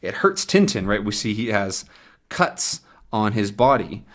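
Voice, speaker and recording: A man's voice: on the low side, big pitch swings, measured pace. A man teaching English from a comic, patiently explaining words and often checking in with "right?". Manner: acts out sounds and voices.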